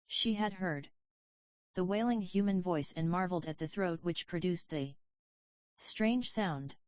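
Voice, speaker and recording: Lady calmly reading an old kids' legend, lowish voice, kinda dull sound. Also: a little slow. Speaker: audiobook narrator. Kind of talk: storybook narration.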